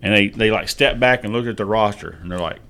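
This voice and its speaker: Texan guy, lowish voice, easygoing chat, chuckles through his stories. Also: quick pace, sharp tone. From Texas. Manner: laid-back storyteller, chuckles through anecdotes. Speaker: podcast co-host. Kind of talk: casual family chat.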